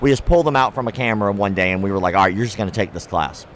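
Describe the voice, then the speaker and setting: A man's voice: on the low side, very fast, a little hiss or hum. A young man, a guest on a show, telling stories in a casual interview, acting out the people he quotes and swearing freely. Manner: animated storyteller who acts out quoted people, swears freely. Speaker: martial arts content creator, guest. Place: outdoors at a trade show.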